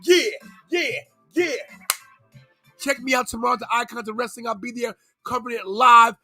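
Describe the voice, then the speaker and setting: A man hosting a live wrestling podcast, loud and playful, bursting into shouts and goofy sing-song bits. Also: very high-pitched, level tone, fast, soft background music. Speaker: podcast host. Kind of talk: live watch-along chat.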